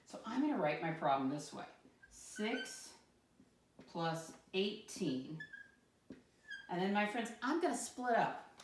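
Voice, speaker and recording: A woman's voice: lowish voice, sing-song, background noise. Encouraging woman teaching first graders. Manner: encouraging, spells words out slowly letter by letter. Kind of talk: first-grade classroom lesson. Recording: echoey room, voice from a distance.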